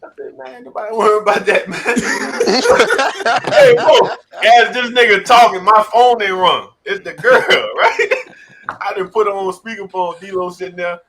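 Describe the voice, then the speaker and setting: A man hosting a casual podcast, telling stories in a lively way and laughing often. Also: high voice, a little slow, a crowd in the background.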